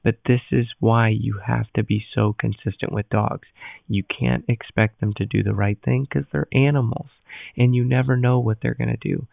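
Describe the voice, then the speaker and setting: Gravelly man in tinny voice-over. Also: mid-range voice, moderate pace, no room sound. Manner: calm instructive explanation. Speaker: dog trainer. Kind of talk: voice-over training note.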